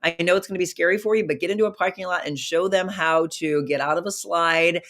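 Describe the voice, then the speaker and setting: A middle-aged woman hosts a live online talk show, chatting cheerfully, greeting viewers by name, and reading their comments. Her fairly low, slightly bright voice moves at a quick pace and is a little hoarse from a recent virus.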